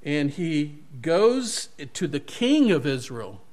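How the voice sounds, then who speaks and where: A man's voice: on the high side, big pitch swings, slow, a little mellow. A male pastor giving a sermon, retelling a Bible story animatedly and correcting himself as he goes.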